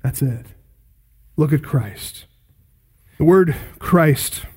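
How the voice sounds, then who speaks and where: A man preaching an expository sermon, emphatic, rising loud and high on key points. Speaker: pastor.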